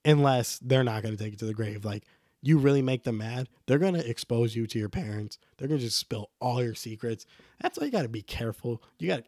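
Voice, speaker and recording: A man's voice: medium pitch, darkish tone, dry recording. A young man chats loosely through stories from his childhood, full of fillers and restarts. His voice sits mid-range. The recording is dry and close. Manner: loose and rambling, many fillers. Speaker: storyteller. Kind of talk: casual personal storytelling.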